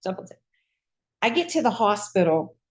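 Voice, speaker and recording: A woman, a retired nurse, telling her own patient story in a lively, folksy conversational way. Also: mid-range voice, moderate pace. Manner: lively, acts out voices in quoted dialogue. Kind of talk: personal storytelling.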